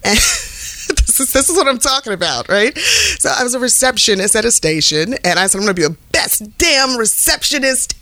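A woman's voice: a little high, moderate pace, dry recording. A middle-aged woman, a TV host and former radio personality, telling stories in a casual interview and often slipping into voices. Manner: animated storyteller, does voices and laughs often.

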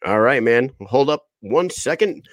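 A man's voice: mid-range voice, animated, measured pace, dry recording, clean studio sound. A man in his thirties hosting a podcast in loose, profane casual chat, laughing often. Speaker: podcast host.

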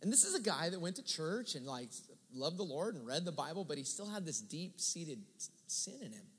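A man preaching a sermon, telling a story in a casual, lively way and acting out the dialogue. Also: on the high side, a little fast, husky. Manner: conversational, animated retelling with quoted dialogue. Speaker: pastor. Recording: long hall reverb.

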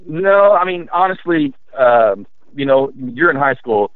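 A man recalling his high school basketball days in a rambling, casual way, full of restarts and fillers. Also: lively intonation, a little slow. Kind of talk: storytelling in a casual interview. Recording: dry, tinny phone-line sound.

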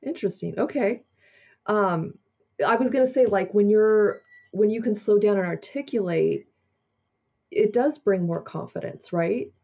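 Woman podcast host, dark husky tone, chatty and loose, muffled lo-fi line. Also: medium pitch, measured pace. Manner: chatty, loose phrasing, frequent fillers and laughs. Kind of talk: casual interview chat. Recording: muffled lo-fi remote audio.

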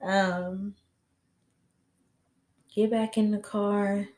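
A young woman hosts a podcast in a mid-range, fairly flat voice, stretching out her words with a slightly mellow tone. The recording has roomy echo and a bit of hiss or hum. She tells a personal story casually and candidly, rambling with "you know" and "like" and swearing freely.

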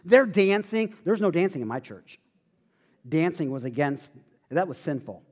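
A man preaching a sermon in a high, lively voice that swings up and down as he tells a story. He slips in self-deprecating jokes and keeps the storytelling animated. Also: normal speed, husky. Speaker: pastor.

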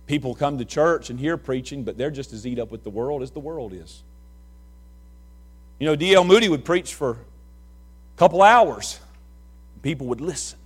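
A middle-aged man preaching a sermon, telling folksy stories and swinging from hushed talk to shouts. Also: medium pitch, animated, moderate pace, long pauses, slightly rough. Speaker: pastor.

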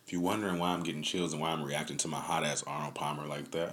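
Deep-voiced man venting casually on a podcast. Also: fairly even intonation, fast talker, hardly any pauses, fairly bright tone. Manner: profane, rambling, venting with laughs. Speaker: podcast host. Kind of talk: casual streamed podcast talk. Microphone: phone on a stand.

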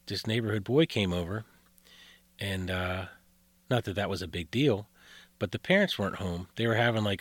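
A man with a lowish voice tells eerie tales in an unhurried, rambling way, stopping and restarting his sentences often. The sound is dry and close, with no room echo. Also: a bit bright. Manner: rambling, full of fillers and restarts. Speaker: guest storyteller. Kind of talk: casual spoken storytelling.

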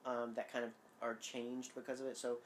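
A woman from Georgia co-hosting a podcast in casual chat, animated and laughing often. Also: a bass voice, a little fast, a little hiss or hum. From Georgia, USA. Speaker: podcast co-host.

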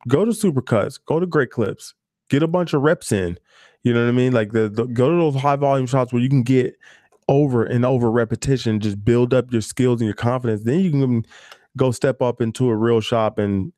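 A man's voice: medium pitch, brisk, dark tone, dry recording, clean studio sound. A man who works as a barber, giving loose, candid advice straight to the listener with plenty of fillers and asides. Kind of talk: casual advice talk to camera.

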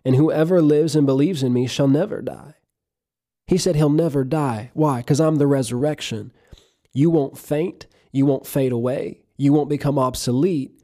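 A man's voice: fairly high pitch, mellow. A man preaching a sermon, earnest and emphatic, reading scripture aloud and explaining it.

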